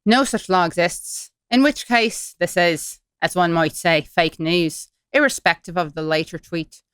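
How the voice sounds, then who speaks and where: A woman's voice: lowish voice, measured pace, a bit bright, smooth, no echo, studio quality. A woman putting on an Irish accent to read out a stern male editor's formal letter. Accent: put-on Irish. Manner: mock-formal, reading aloud.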